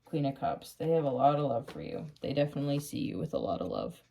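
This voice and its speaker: A woman giving a casual tarot reading who gets excited, laughs often, swears casually and calls the listener honey. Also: very deep voice, quick pace, creaky. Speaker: tarot reader.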